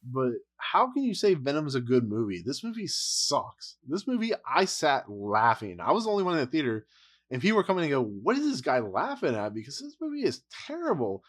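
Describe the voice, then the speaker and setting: A man's voice: on the high side, wildly swooping pitch, brisk. A man giving a casual, blunt movie review rant, exasperated and rambling, with frequent laughs.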